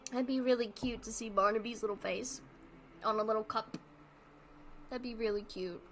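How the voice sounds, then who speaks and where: A woman's voice: on the high side, steady tone, moderate pace, a bit bright, a little hiss or hum. Chatty young woman streamer. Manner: chatty, self-deprecating, giggly. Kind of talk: casual chat, reading aloud.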